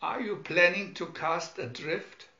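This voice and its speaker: A man's voice: high voice, unhurried, bright, forceful tone, pitched above the performer's own voice, full character voice. A man voicing a dutiful, fussy robot guardian in a storybook reading, with stiff alarmed warnings, recorded in an echoey, dull room. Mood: prim.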